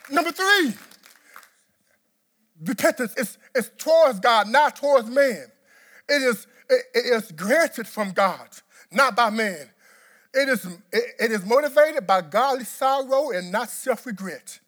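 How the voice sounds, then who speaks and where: Preaching at a measured pace, a pastor delivers an animated sermon that shifts from low, quiet talk to shouts for emphasis. Repeated words hammer home his points.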